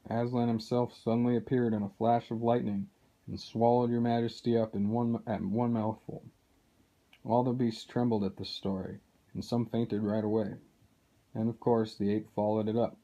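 A man's voice: lowish voice, mellow, close to an everyday voice. A man reading aloud as a loyal male dwarf telling what he overheard, in a plain, earnest way. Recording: dull lo-fi recording.

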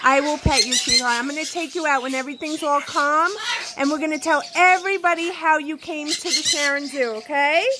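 High-voiced woman cooing over squawking birds. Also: steady tone, a little fast. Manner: cooing baby talk to her birds. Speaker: pet owner vlogger. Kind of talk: casual vlog tour talking to pets. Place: indoor bird room at home. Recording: loud bird squawks and noise behind. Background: birds chirping and squawking.

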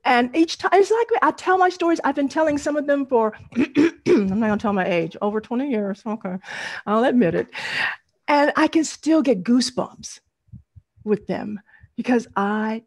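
A woman's voice: a little high, expressive, moderate pace, darkish tone. A middle-aged woman, leading an online storytelling workshop over a video call, encouraging and laughing often.

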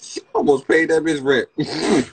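A young man with a Washington DC area accent rambling to viewers on a livestream from a phone. He is profane and excitable, and he jumps into high, yelped quotes. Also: slow pace, creaky, a little hiss or hum.

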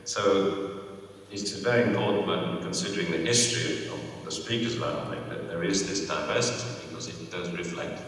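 A low-voiced man giving an academic lecture in a large hall, his tone bright and forceful. He talks hesitantly, with frequent fillers and restarts. He is picked up from a distance, with a long, roomy reverb. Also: a little fast. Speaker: lecturer on dialects. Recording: echoey hall, distant mic.

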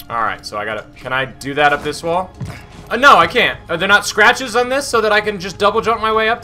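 Bright, animated man ranting at a game. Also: sits high, fairly quick, soft background music. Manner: exasperated, swearing, ranting at the game. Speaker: gaming streamer. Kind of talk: casual gameplay commentary.

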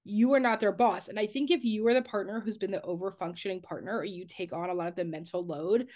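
A woman's voice: mid-range voice, steady tone, quick pace, a little mellow. A woman therapist co-hosting a podcast, talking frankly with casual swearing and lots of "like". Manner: candid and blunt, swears casually, many "like" fillers.

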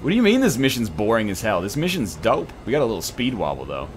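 A man's voice: lowish voice, wildly swooping pitch, fast, a little hiss or hum. A man giving casual, jokey commentary while playing a video game, drifting off into rambling tangents. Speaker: let's play host.

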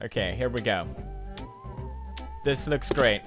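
A man giving excitable let's play commentary over a video game, laughing a lot and breaking into shouts. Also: medium pitch, slow, music in the background. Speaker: gaming commentator.

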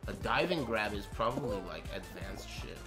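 Profane animated male game streamer. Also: lowish voice, moderate pace. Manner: profane, mock-angry banter with chat. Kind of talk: live gaming stream chat. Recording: game music underneath.

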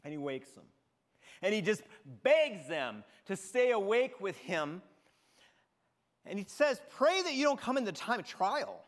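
A high-voiced man preaching with a lively, swooping delivery as he retells scripture. His sermon rings with the long reverb of a church hall. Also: measured pace. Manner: expressive storytelling, retelling scripture dramatically. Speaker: pastor. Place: church sanctuary.

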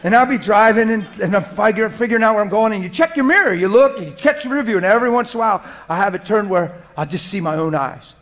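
Middle-aged male preacher, fairly high voice, soft prayer turning loud and lively, live church sermon. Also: quick pace, hardly any pauses. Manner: swings from hushed prayerful murmur to loud animated laughing storytelling. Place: church hall before a live congregation.

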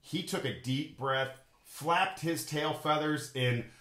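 A man reads a picture book aloud to a class of children, slow and unhurried. His voice is bright, and it rings in an echoey room. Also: a little high. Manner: animated, voices the animals with big roars and quacks. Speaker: teacher reading to a class. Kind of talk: storybook read-aloud for children.

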